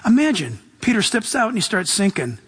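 A man's voice: sits high, big pitch swings, fairly quick, fairly bright tone, breathy edge. A middle-aged man preaching a sermon as pastor, enthusiastic and casual, with slangy asides. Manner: enthusiastic, casual slang, voices Jesus in quotes.

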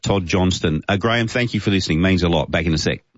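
An Australian man hosting talk radio in a relaxed, joking way with frequent fillers, from a studio. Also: sits low, fast talker, muffled recording, a loud crowd. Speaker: radio host. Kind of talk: casual talk radio chat.

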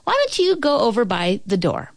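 A woman voicing an excitable little girl who calls out loudly from far away in a storybook reading. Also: fairly high pitch, moderate pace, no room sound, clean studio sound, pitched above the performer's own voice. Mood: chatty.

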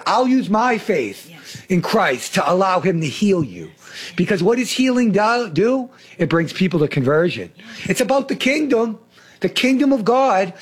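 A man's voice: high-pitched, slightly rough. A man hosting a faith talk show, preaching with fervent emphasis. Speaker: host, preacher.

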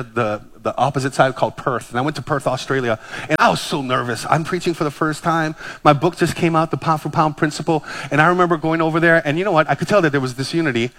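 A pastor in his fifties from Hawaii delivers a sermon in a slightly high man's voice. He keeps things lively with self-deprecating stories and quick jokes between the points. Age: 50s.

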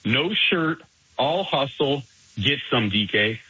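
A man's voice: medium pitch, lively intonation, slow, sharp tone, breathy edge, dry recording. A man phoning in to a sports radio show, joking and playful. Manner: jokey, playful. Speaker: caller. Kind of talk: phoned-in radio chat. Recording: slightly muffled radio line.

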